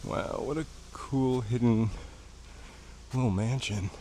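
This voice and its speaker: A man's voice: medium pitch, steady tone, takes it slowly, mellow, a little hiss or hum. Man chatting breathlessly on an uphill walk. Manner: chatty, slightly out of breath from climbing. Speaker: vlogger. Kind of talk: casual walking commentary. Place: outdoors on hillside streets and stairs.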